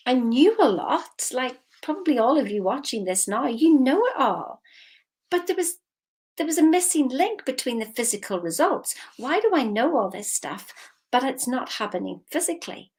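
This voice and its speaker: A woman mindset coach giving a lively, emphatic motivational talk straight to her viewers. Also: high-pitched, breathy edge. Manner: lively, emphatic, slips into quoted voices.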